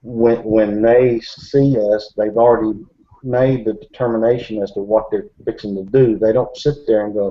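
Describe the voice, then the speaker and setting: A man with a fairly low voice and fairly even intonation speaks at normal speed as a Bigfoot researcher in a casual group chat. He rambles with many fillers and restarts, captured on a dull lo-fi recording.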